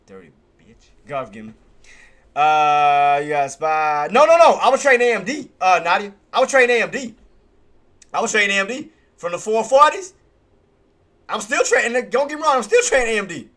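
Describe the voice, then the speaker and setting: Day-trading streamer, male, bright and animated, excitable with a salty mouth, keeps repeating himself. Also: high voice, moderate pace. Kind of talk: live trading commentary.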